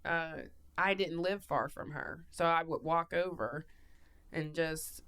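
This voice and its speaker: A woman's voice: low-pitched, slow, clear, resonant tone. A woman in her thirties, a guest chatting casually and laughing often, telling stories with plenty of swearing. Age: 30s. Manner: laughing, animated, swearing freely. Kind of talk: casual chat.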